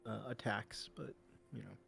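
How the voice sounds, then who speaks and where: A man's voice: fairly low pitch, moderate pace, creaky, fairly bright tone, husky, soft background music. A young man playing a tabletop game, asking curious, plain-spoken questions. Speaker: player. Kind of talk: casual chat.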